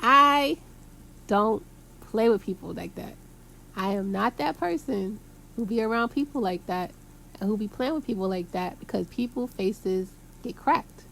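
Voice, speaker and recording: A woman's voice: mid-range voice, lively intonation, moderate pace, creaky, a little mellow, slight background noise. A woman from Brooklyn, talking to her viewers in a rambling, emphatic way full of street slang and cursing. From Brooklyn, New York. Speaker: vlogger. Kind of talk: casual rambling monologue to camera.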